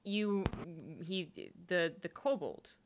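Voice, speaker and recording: Low-voiced woman narrating a tabletop game. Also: takes it slowly, slight background noise. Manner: hesitant, many fillers. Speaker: game master.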